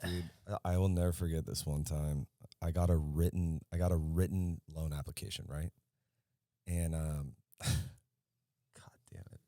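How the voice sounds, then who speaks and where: A man's voice: extremely low pitch, flat delivery, a little slow, warm tone, no room sound, clean studio sound. A man co-hosting a podcast in casual chat, telling rambling stories and swearing freely. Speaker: podcast co-host.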